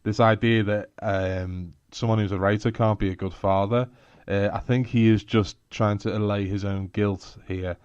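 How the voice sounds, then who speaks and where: A man's voice: lowish voice, fairly even intonation, moderate pace, a little mellow, smooth, no echo, dull audio. A man with a Scouse accent co-hosting a podcast in casual chat, blunt and laughing, with sweary asides. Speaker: podcast co-host.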